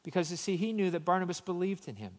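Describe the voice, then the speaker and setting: A man's voice: sits high, sing-song, fast, long reverb tail. A man preaching a sermon, telling a personal story and then urging his listeners with rising emphasis. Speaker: pastor.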